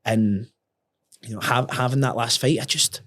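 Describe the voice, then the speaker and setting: A man's voice: medium pitch, normal speed. Sweary man telling a story. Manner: sweary, animated, repeats and restarts words. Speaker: podcast guest. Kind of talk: casual storytelling.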